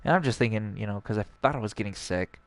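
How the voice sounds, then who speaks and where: A man's voice: fairly low pitch, quick pace, dry recording. A young man, a streamer, telling a long personal story in a casual, rambling way and acting out the dialogue. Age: young adult.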